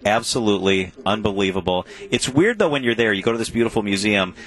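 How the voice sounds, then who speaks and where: A man's voice: on the low side, expressive, fast talker, a bit bright, poor audio. A man co-hosting a TV show, chatting casually in an enthusiastic, jokey way. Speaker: TV show co-host. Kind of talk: casual TV chat.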